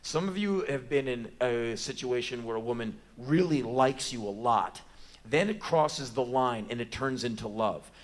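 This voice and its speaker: A man's voice: mid-range voice, moderate pace. An American man in his forties performing spoken word on a theater stage, with emphatic, profane, mocking storytelling. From United States. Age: 40s. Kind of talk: live stand-up storytelling. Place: theater stage before an audience.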